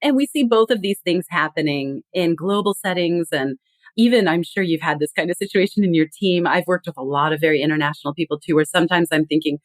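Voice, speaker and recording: Earnest woman explaining, low-pitched. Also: quick pace, no echo. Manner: earnest, explanatory, acts out quoted phrases. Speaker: guest. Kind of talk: conversational podcast interview.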